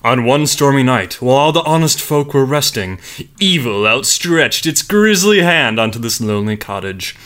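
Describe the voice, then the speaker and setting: A man co-hosting a comedy podcast, reading a scripted story with dramatic flair between quick deadpan quips. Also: mid-range voice.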